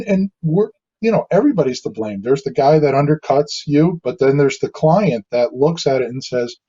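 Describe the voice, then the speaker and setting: A man's voice: medium pitch, slightly rough, lo-fi sound. A man in casual podcast conversation, telling blunt stories about clients and acting out what they said. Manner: storytelling, acts out quoted clients in animated asides. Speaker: guest, builder and designer.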